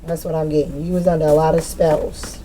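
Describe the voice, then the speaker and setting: A woman's voice: low-pitched, flat delivery, brisk, dark tone, a little hiss or hum. A woman giving a casual spiritual tarot reading straight to the viewer, rambling and swearing freely. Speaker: tarot reader.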